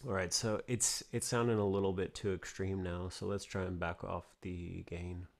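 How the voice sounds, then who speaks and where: Gravelly low-voiced man teaching mixing. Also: level tone. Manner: thinking aloud, halting with restarts while working. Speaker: music production tutor. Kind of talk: casual screen-recorded tutorial. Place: home studio.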